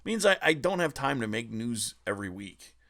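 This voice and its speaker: A man's voice: medium pitch, sing-song, normal speed, creaky, fairly bright tone. A man hosting a retro gaming channel, ranting angrily with constant profanity. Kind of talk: ranting vlog.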